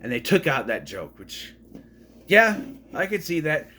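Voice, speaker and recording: Male reviewer from Minnesota, lively pitch, casual, self-correcting, dry asides. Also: a little slow, slight background noise. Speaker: movie reviewer. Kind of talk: casual movie recap.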